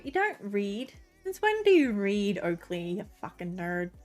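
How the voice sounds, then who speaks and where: A young adult woman streamer giving casual, excitable gameplay commentary, chatty and swearing often. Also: mid-range voice, unhurried, soft background music.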